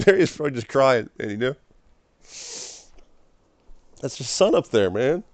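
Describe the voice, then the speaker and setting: Young man, mid-pitched, stammering emotional vlog monologue, dry close sound. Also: very animated, measured pace, pauses often, no echo. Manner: stammering, repeats words, emotional. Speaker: vlogger. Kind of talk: rambling personal monologue. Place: small room, indoors.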